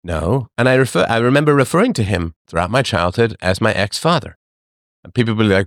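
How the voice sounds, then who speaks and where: A middle-aged man hosting a livestream, talking to his chat in a sarcastic, animated monologue. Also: brisk, dry recording, clean studio sound. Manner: animated, sarcastic, mimics others in higher voices. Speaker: livestream host. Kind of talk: casual monologue to live chat.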